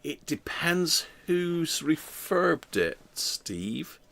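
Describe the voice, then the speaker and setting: A man's voice: fairly high pitch, very animated, extremely slow, creaky, fairly bright tone. A man hosting a radio repair channel, chatting casually with viewers while he works and thinking aloud with trailing fillers.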